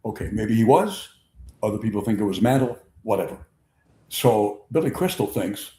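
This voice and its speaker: An older man hosts a sports show, telling long anecdotes with a lowish, mellow voice. He acts out the quotes as he goes. The sound is roomy and echoey. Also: moderate pace. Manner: animated raconteur, acts out quotes. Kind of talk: casual sports storytelling. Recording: echoey room.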